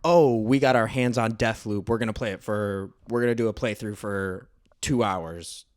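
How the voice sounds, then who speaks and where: A man's voice: on the low side, normal speed, no room sound, clean studio sound. A man hosting a casual podcast chat, laid-back and rambling, with plenty of fillers. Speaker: podcast host.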